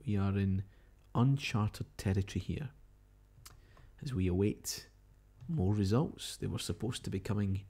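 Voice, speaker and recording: A man's voice: fairly low pitch, unhurried, vocal fry, mellow. Scottish man hosting late-night results coverage. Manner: chatty, musing, reads out tweets and updates. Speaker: radio-style live broadcast host. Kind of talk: casual live results commentary.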